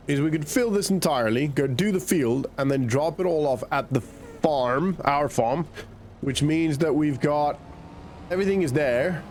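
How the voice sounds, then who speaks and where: A man's voice: a little high, normal speed, a little mellow, a little hiss or hum. A man giving casual, rambling gameplay commentary from his home office, thinking aloud as he plays. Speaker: gaming channel host.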